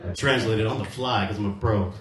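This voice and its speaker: A man from Cuba hosting and doing stand-up in a comedy club, animated and slipping into high-pitched character voices. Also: quick pace, a crowd in the background. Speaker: comedy show host and comedian. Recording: echoey room, distant mic, faint noise.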